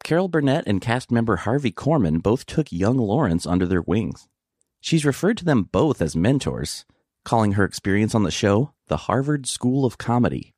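A man giving scripted documentary narration in an informative, expressive manner. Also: medium pitch, normal speed, dry recording, clean studio sound.

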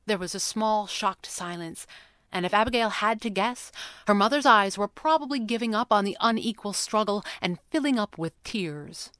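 A woman narrating a children's story aloud, expressive and voicing each character. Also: medium pitch, normal speed, no echo, studio quality. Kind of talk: audiobook narration.

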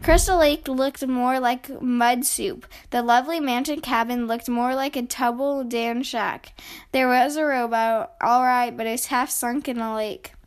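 A woman narrates a children's picture book aloud at a steady pace, stumbling now and then over a word. Her voice sits a little high. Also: measured pace. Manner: steady read-aloud with small slips. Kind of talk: reading a children's storybook aloud.

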